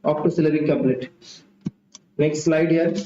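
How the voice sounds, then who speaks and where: A man's voice: a little high, fairly even intonation, moderate pace, mellow, a little hiss or hum. Male tutor, repetitive and thinking aloud, muffled roomy sound. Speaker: exam tutor. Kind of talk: mock test lecture. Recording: dull, roomy home recording.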